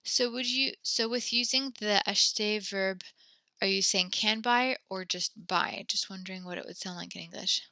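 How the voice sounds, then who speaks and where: A woman teaching a French class over a video call, patient and encouraging, reading sentences slowly and praising her students. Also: mid-range voice, gravelly, pushed and bright, no echo.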